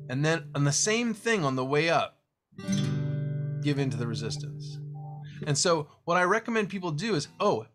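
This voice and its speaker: A man teaching a guitar lesson one-on-one, explaining technique as he demonstrates, swinging between lively stressed phrases and quiet asides. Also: a little high. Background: guitar strumming.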